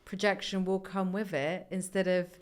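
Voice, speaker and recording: A woman's voice: fairly low pitch, level tone, normal speed, smooth. A woman hosting a casual podcast, curious and asking questions, murmuring agreement while her guest talks. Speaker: podcast host.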